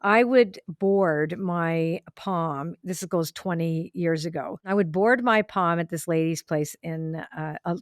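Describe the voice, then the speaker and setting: A woman hosting a podcast, chatting casually and telling a lively story, acting out the voices of the people in it. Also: fairly low pitch, takes it slowly, few pauses, no room sound, studio quality. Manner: animated storyteller, acts out quoted voices. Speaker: podcast host. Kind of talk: casual conversation.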